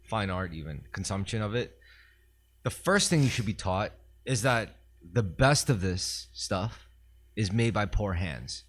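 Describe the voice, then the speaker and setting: A man's voice: lowish voice, lively intonation, a little slow. A man co-hosting a podcast in casual chat, opinionated and crude, talking animatedly. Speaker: podcast co-host.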